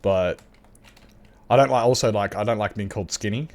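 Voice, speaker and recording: A man's voice: lowish voice, a little fast. An Australian man chatting casually and candidly as a livestreamer while gaming, swearing freely and laughing often.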